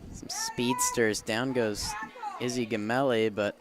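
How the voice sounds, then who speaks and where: A young man giving casual play-by-play commentary on a high school soccer game outdoors, his calls rising with the action. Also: fairly even intonation, normal speed, fairly bright tone, slight background noise. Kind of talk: amateur sports commentary.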